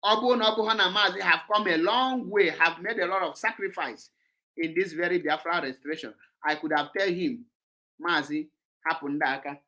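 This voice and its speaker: Igbo-accented nigerian guy hosting a call-in show, angry and fired up, bright forceful voice. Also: high voice, fairly quick. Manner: angry, impassioned, mixes English with Igbo. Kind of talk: heated call-in talk.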